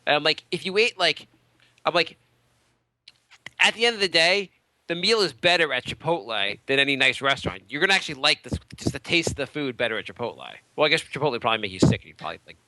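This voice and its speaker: A man rambling through stories on a podcast, talking quickly. His pitch is lively and his voice sits a bit high. The recording is dry. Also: no room sound. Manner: rambling, many fillers and restarts. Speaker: podcast co-host. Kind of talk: casual podcast chat.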